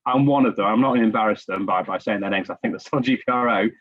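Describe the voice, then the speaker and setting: A man's voice: on the low side, racing, no room sound. Chatty man, muffled lo-fi sound. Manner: chatty, self-deprecating storyteller. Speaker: podcast guest. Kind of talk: casual podcast chat. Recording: dull lo-fi recording.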